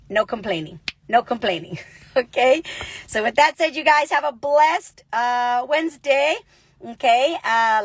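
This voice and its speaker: A woman giving an energetic, chatty motivational talk as a business coach, telling stories with lots of animation. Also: fairly high pitch, dry recording. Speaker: network marketing coach. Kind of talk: motivational casual vlog.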